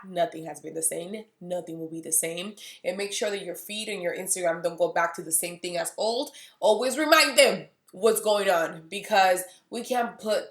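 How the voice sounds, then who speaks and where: A woman's voice: fairly low pitch, roomy sound. A woman in her thirties, telling stories to camera in a candid vlog style and acting out both sides of the conversations. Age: 30s. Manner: candid storytelling, acting out dialogue. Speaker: beauty vlogger. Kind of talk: casual vlog monologue.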